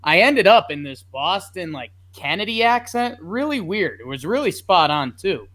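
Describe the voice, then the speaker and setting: A man's voice: high-pitched, very animated, normal speed, a bit bright. A man co-hosting a podcast in casual chat, rambling and joking about his listeners. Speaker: podcast co-host.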